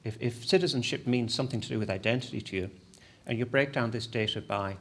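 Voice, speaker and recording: A man's voice: medium pitch, fast talker. Man giving a talk. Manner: lively, self-deprecating, with frequent restarts. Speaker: academic presenter. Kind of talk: conference presentation.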